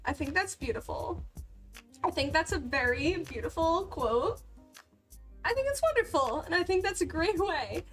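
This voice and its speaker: A woman's voice: extremely high pitch, sing-song, moderate pace, fairly bright tone, faint music behind. A young woman chatting casually on a livestream, bubbly and giggly, laughing often between lines. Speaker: cosplay livestreamer.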